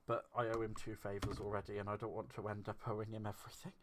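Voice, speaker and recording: A man's voice: fairly low pitch, level tone, fast talker, background noise. Chatty man hosting a craft stream. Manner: chatty, rambling, self-deprecating, reads and answers chat. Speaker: crafting livestream host. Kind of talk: casual live-stream chat while crafting.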